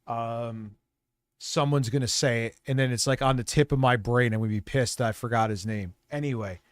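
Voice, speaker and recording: A man live-streaming, rambling and reacting loudly in casual, profane commentary. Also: medium pitch, steady tone, fairly quick, smooth, no room sound, studio quality.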